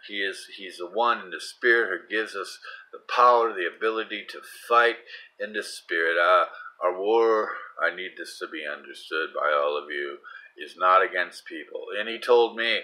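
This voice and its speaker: A middle-aged Christian vlogger with a low-pitched voice delivers a fervent religious monologue at a moderate pace, repeating himself as he moves from soft prayer to loud, urgent testimony. The audio quality is poor.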